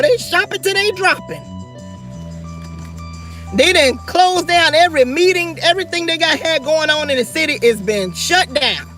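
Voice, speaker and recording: High bright-voiced ranting woman. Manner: fiery, profane, talks straight to viewers. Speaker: livestream host. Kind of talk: livestream rant.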